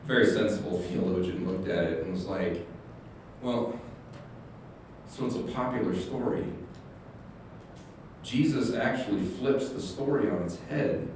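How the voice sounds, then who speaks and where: Pastor, man, chatty sermon delivery with rambling asides. Heavy room echo, distant mic. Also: mid-range voice. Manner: rambling, animated storytelling with many restarts and quoted asides. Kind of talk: casual sermon. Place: church sanctuary. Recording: echoey hall, distant mic, faint hum.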